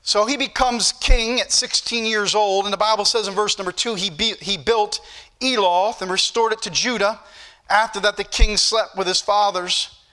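High bright-voiced preacher man. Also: steady tone, normal speed. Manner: preachy, repetitive emphasis. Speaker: pastor. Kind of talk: sermon.

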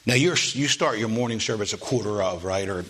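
In a slightly rough voice, a man delivers a sermon to a congregation and asks them for amens. His speech escalates from steady talk to loud, high, drawn-out preaching.

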